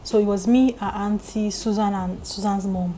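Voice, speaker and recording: A young Nigerian woman vlogger telling a story in lively, emphatic casual chat. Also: medium pitch, normal speed, slight background noise, rough recording.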